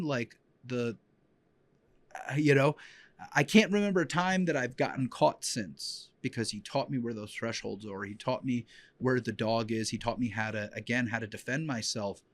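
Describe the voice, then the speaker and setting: A man's voice: mid-range voice, normal speed, dry recording. A man in the middle of his range tells stories as a dog-training podcast host. He talks in a heartfelt, rambling way, full of fillers and restarts. His voice is dry and close. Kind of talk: emotional personal storytelling.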